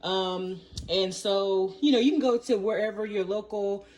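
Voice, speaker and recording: A woman's voice: mid-range voice, a little slow, darkish tone, recorded from a distance. Chatty woman cooking in an echoey kitchen. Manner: chatty, folksy, storytelling with many fillers. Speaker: cooking vlogger. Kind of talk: casual cooking demonstration. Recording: roomy echo, mic set back, faint room noise.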